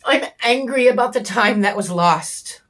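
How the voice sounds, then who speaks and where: A woman who vlogs about homesteading speaks to camera in a raw, candid reflection, bitter and angry, swearing often and pausing to find her words. Her voice is fairly high-pitched with a fairly bright tone.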